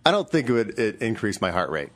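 Man, casual chat, mid pitch, lively intonation, blunt teasing. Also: quick pace. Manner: teasing, blunt, joking banter.

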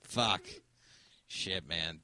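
A man's voice: deep voice, drawn-out words, pushed and bright, dry recording. A young man co-hosting a casual podcast, laid-back, swearing often and laughing along. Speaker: podcast co-host. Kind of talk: casual chat.

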